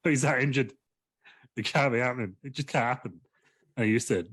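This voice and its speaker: Man, comedy podcaster, rambling, giggly, husky, dry. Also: mid-range voice, normal speed, no echo. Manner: giggly, rambling, laughs mid-sentence. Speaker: podcast co-host. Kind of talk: comedic storytelling.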